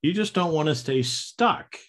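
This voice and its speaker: A man hosting a podcast in a casual conversation, animated and given to playful silly voices. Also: fairly high pitch, unhurried. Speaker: podcast host.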